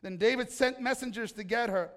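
A man's voice: very high voice, fairly quick, fairly bright tone, in a large hall. A man preaching a sermon in a conversational, joking way, often tossing questions to the congregation. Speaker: pastor.

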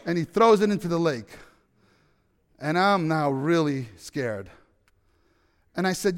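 Animated storytelling preacher in a reverberant hall. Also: male voice, fairly high pitch, measured pace, pauses often. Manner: animated storyteller, acts out dialogue, asks the audience questions. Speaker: pastor. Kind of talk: storytelling sermon.

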